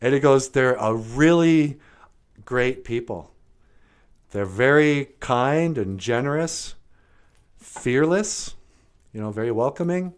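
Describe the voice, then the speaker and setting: A man's voice: mid-range voice, expressive, slow pace, pauses often, clear, resonant tone. A man with an Ojibwe reservation English accent, co-hosting a podcast and telling a story in loose, joking casual chat.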